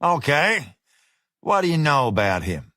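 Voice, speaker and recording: Male narrator voicing a drawling, slangy hired fixer; slow and swaggering. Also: a little high, sing-song, pushed and bright, no echo, clean studio sound, full character voice. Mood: drawling menace. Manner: drawling, easygoing slang with menace. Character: smooth, menacing male American fixer, casual swagger.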